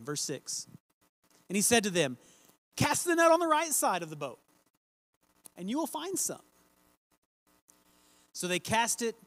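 High-voiced man preaching a sermon. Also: fairly bright tone, no echo. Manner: earnest, slows down to stress key phrases. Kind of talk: sermon with scripture reading.

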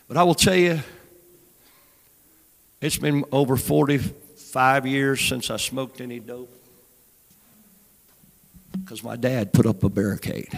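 An older man preaching a sermon, moving between hushed storytelling and loud exhortation. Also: medium pitch, creaky. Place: large church sanctuary. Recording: long hall reverb with soft music behind.

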